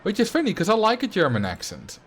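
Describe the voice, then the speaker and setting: A man's voice: sits high, wildly swooping pitch, fast talker, a bit bright, slightly rough. A man with a Dutch accent chatting casually on a livestream while thinking aloud. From Netherlands. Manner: musing, conversational, thinking aloud. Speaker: streamer.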